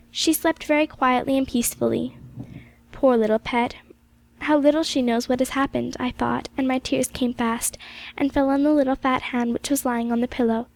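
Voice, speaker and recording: A woman reading a classic novel aloud as an audiobook, in gentle, measured storytelling narration. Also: high voice. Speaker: audiobook reader.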